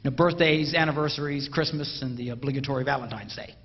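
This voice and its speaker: A man giving a humorous live talk to an audience, playful and animated. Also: medium pitch, fast talker, a little hiss or hum. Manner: playful and animated, mimics a bell sound. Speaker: speaker addressing an audience. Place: large hall with a live audience. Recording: dull, roomy hall recording.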